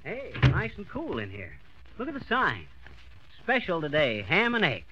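A man's voice: a little high, huge pitch swings, normal speed, muffled recording, background noise. A man playing a boastful small-town braggart in a 1940s radio comedy, folksy and blustering. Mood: flustered. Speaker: comedy lead.

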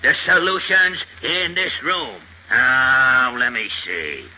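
A man's voice: medium pitch, lively intonation, slow pace, sharp tone, highs cut off, heavily acted. A man voicing a boastful, bumbling police inspector who talks tough and slangy, in 1940s radio comedy style on a noisy old recording. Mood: blustering.

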